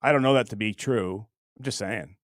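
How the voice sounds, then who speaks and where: A man's voice: on the low side, moderate pace, no echo, clean studio sound. A middle-aged man hosting a livestream in a casual, rambling, joking way, with plenty of crude humor. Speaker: livestream host.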